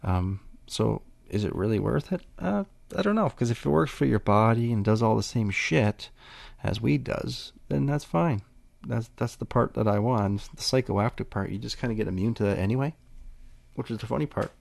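A man's voice: mid-range voice, animated, normal speed, creaky, darkish tone, no room sound. A man hosting a casual solo podcast, rambling in a laid-back way and swearing freely. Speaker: podcast host.

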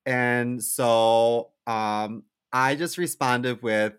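A young man tells rambling, self-mocking stories in casual podcast chat and laughs along at them. His voice has a bright, forward edge at a middle pitch. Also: lively intonation, drawn-out words, clean tone. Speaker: podcast co-host.

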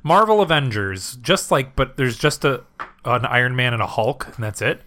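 A man's voice: mid-range voice, animated, moderate pace, bright, forceful tone, a little hiss or hum. A man co-hosting a comedy podcast, chatting and joking as he reads out food labels. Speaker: podcast co-host. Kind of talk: casual comedic chat.

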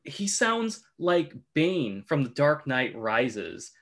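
A man with a somewhat higher voice venting about a movie, swearing freely and sounding exasperated. He talks in a loose, casual way. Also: very animated, takes it slowly, fairly bright tone. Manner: profane, exasperated ranting. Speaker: podcast co-host. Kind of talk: casual film discussion.

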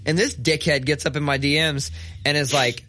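A man's voice: fairly high pitch, fairly even intonation, normal speed, bright, forceful tone, dry recording. A man co-hosting a podcast, telling a long story in casual chat, swearing a lot and ranting with mock outrage. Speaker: podcast co-host.

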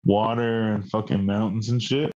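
A man spins a long, meandering story in casual chat, his speech packed with filler words and cursing. His voice is mellow and darkish. The recording has a slightly muffled, lo-fi quality. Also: on the low side, fairly even intonation, normal speed. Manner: rambling storyteller, heavy swearing and filler words.

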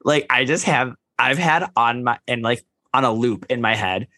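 A man's voice: mid-range voice, normal speed, pushed and bright, dry recording, clean studio sound. A man co-hosting a podcast, chatting in a bubbly, gossipy way with lots of fillers. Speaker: podcast co-host. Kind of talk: casual chat.

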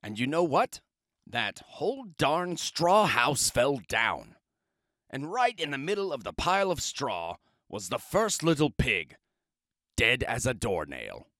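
Expressive man reading a storybook. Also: mid-range voice, a little slow, no room sound, studio quality. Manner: expressive, chatty and self-justifying. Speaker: storybook reader. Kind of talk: children's book read-aloud, first-person wolf narration.

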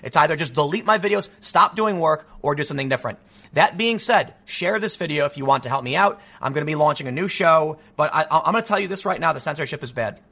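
A man in his thirties hosting a casual commentary show, reading news aloud with animated asides and rapid restarts. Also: on the high side, husky. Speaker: political commentary host.

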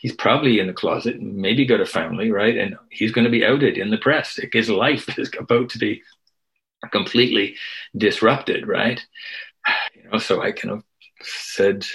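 A man's voice: on the low side, moderate pace, gravelly, fairly bright tone, rough recording. An older man, a guest activist and historian, telling a story in a loose conversational way, often tagging his sentences with "right?". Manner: conversational, tags lines with "right?". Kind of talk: storytelling interview.

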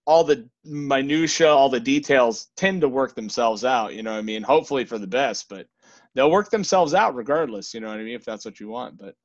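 A man hosts a casual podcast, talking in loose, rambling thoughts and checking in with "you know what I mean" again and again. His voice sits at an ordinary pitch. The recording sounds dull and lo-fi, with the top end rolled off. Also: brisk. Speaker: podcast host. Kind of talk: casual chat.

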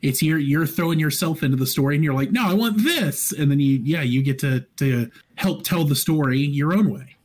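A man's voice: fairly high pitch, steady tone, brisk, darkish tone. A man in casual chat, mostly answering with short agreeing remarks. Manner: brief agreeing interjections.

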